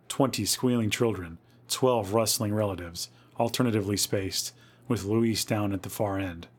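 A podcast host with a fairly low, husky voice gives a dramatic, measured reading of a spooky tale. He leans into the eerie moments and paces the story for suspense.

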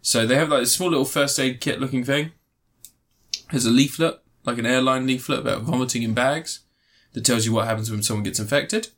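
Brief: male film-chat host, sarcastic, rambly, slips into quick silly voices. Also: mid-range voice, a bit bright. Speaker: film reviewer. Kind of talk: casual film recap chat.

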